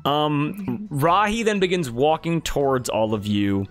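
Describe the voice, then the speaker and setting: A man narrating a tabletop game as its game master, animated and switching into character voices. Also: fairly high pitch, measured pace.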